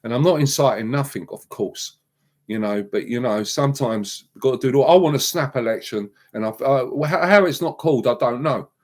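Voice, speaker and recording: A man's voice: mid-range voice, a little fast. A man hosting a live stream and ranting heatedly, with repeated emphatic outbursts and words said over and over. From England.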